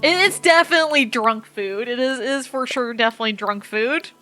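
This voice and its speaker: A woman streaming a game and chatting with her viewers, her voice high and bright. She tells stories in an animated, chatty way and swears freely. Faint game music plays behind her. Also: brisk. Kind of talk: casual chat while playing a game.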